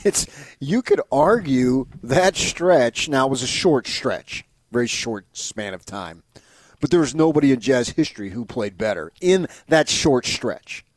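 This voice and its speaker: A man's voice: medium pitch, expressive, a little slow, no room sound. Rambling, emphatic male sports talk host. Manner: rambling, emphatic, frequent restarts.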